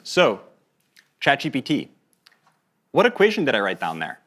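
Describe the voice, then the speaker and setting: Friendly presenter, man, lively intonation, casual. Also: medium pitch, normal speed. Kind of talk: live product demo.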